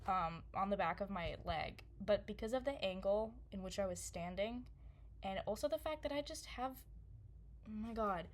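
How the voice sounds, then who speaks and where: A woman's voice: mid-range voice, expressive, moderate pace. A young woman telling a story casually to camera, rambling, laughing often and full of fillers. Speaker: vlogger.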